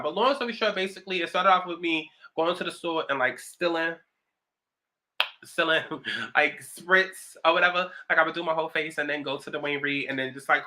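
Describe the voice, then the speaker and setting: Woman, around 30, New York accent, sassy, profane, chatty, makeup vlog, bright tone. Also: deep voice. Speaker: vlogger. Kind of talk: get-ready-with-me casual chat.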